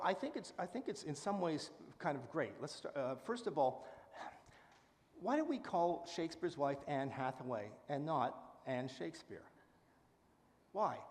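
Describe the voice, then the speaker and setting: A man giving a public talk and answering audience questions, speaking with lively enthusiasm and frequent fillers. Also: on the high side, big-room sound. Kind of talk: public lecture and Q&A. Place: lecture hall with live audience.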